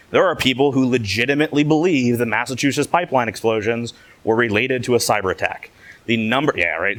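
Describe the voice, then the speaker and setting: Joking man giving a conference talk. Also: medium pitch. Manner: casual, joking, animated storytelling. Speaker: conference speaker.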